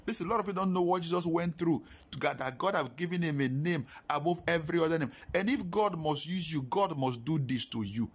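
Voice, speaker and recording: A man preaching a sermon, telling a personal story and swinging between hushed and emphatic delivery. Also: a little high, fairly quick, hardly any pauses, breathy edge.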